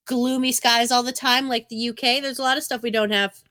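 A woman's voice: a little high, fairly even intonation, a little fast, bright, forceful tone. Blunt, profane New woman. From New England. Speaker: podcast co-host. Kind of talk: casual chat.

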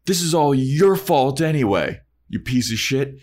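A man voicing a cocky, lovesick male vampire who whines and swears, in a higher voice than his own. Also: expressive, measured pace. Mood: petulant. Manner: whiny, brash, swearing.

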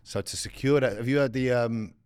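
A man's voice: medium pitch, brisk, a little mellow, smooth, dry recording, studio quality. A young man co-hosting a podcast in casual chat, blunt and slangy, explaining things at length. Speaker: podcast co-host.

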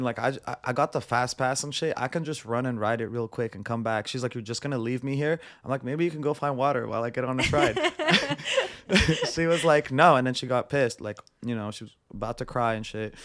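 A young man chats as a guest on a podcast in a mid-pitched voice. He spins a long, rambling story and acts out each exchange with "I'm like" and "she's like". His talk is loose and casual, full of "like". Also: animated, a little fast, fairly bright tone.

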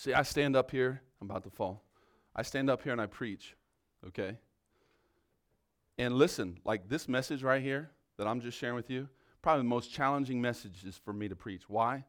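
A man preaching a sermon with fervor, often checking in with "right?", moving between loud exhortation and quiet prayer. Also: medium pitch, moderate pace. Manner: peppers talk with "right?".

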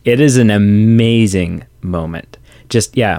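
Low-pitched man, enthusiastic podcast co-host, dry close mic. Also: lively intonation, a little slow, darkish tone, no echo. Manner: enthusiastic, gushing, acts out lines. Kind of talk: casual movie discussion.

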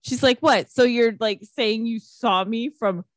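A woman's voice: fairly high pitch, measured pace, no room sound. A woman co-hosting a casual chat about a movie, swearing and laughing as she acts out its lines. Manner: animated, swears often, laughs a lot, acts out quotes. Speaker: podcast co-host.

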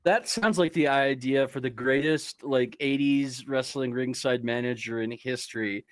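A man at a tabletop game table chats eagerly, peppering his speech with fillers. His voice sits at a middle pitch, and the sound is dry and close. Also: moderate pace, no room sound. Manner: enthusiastic, filler-heavy chat. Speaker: player. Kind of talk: casual chat during a tabletop game.

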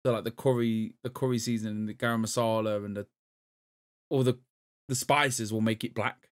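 A man's voice: lowish voice, fairly even intonation, a little fast. A man, a podcast co-host in casual chat, rambling with lots of fillers. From Europe. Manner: rambling, full of "like" and "um".

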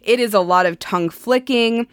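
A woman's voice: a little high, normal speed, clear, resonant tone, dry recording. Frank, chatty woman telling a story. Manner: frank, laughing often, lots of "like" fillers. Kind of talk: candid casual storytelling.

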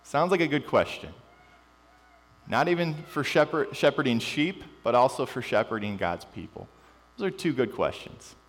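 A man's voice: mid-range voice, moderate pace. Preaching man in a reverberant hall. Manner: animated preaching with jokes, drops to quiet emphasis. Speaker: pastor. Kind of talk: sermon. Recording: long reverb with mains hum.

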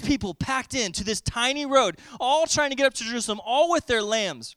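A male preacher with a high, ringing, smooth voice delivers an expressive storytelling sermon. He pauses to explain word meanings as he teaches. The sound is close and dry, with no room echo.

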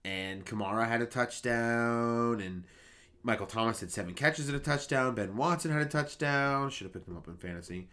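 A man co-hosting a casual sports podcast, reeling off stats in quick bursts. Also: mid-range voice, bright, forceful tone. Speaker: podcast co-host.

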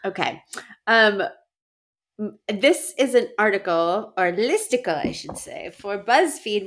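A woman co-hosting a comedy podcast, her voice set in an ordinary middle register. She chats casually and easily, laughing often and scattering "like" through her sentences. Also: mid-range voice. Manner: chatty, laughs often, leans on "like". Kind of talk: casual chat.

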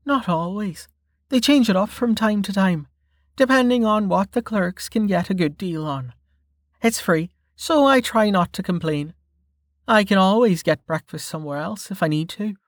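A man's voice: high-pitched, animated, moderate pace, no echo, voice pushed up. A man voicing a tired, blunt young woman fighter who talks in a dry, matter-of-fact, teasing way.

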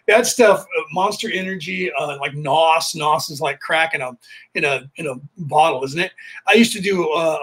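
A man's voice: a little high, bright, forceful tone, husky. A middle-aged American man talking in a rambling, casual monologue as a podcast host, full of fillers and restarts. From United States.

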